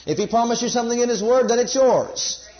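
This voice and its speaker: A man's voice: very high-pitched, fairly quick. A man preaching a sermon, emphatic and repetitive, drawing the congregation into call-and-response. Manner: emphatic, repeats key phrases, leads congregation call-and-response. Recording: dull lo-fi sermon recording.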